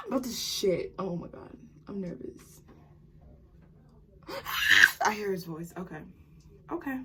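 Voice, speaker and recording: A nineteen-year-old woman vlogging casually at home, excited and jittery from coffee, rambling and tripping over her words. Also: mid-range voice, husky. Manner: excited, rambling, fast-talking. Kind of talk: casual vlog chat. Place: home while getting ready.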